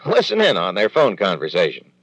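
A man's voice: low voice, huge pitch swings, fairly quick, muffled recording, heavy background noise. A man announcing on a vintage radio program in a jaunty, playful manner.

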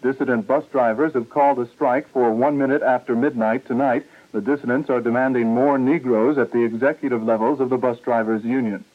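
A man reading the hourly radio news in a steady, formal newscaster manner. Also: mid-range voice, fairly quick, few pauses. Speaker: news anchor. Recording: tinny old radio broadcast.

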